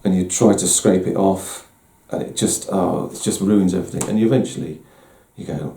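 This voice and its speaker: Man hosting a candid personal talk: middle-aged, deep gravelly dark voice, self-deprecating, slightly echoey room. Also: fairly even intonation, normal speed, few pauses, slight background noise. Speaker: host. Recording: roomy echo.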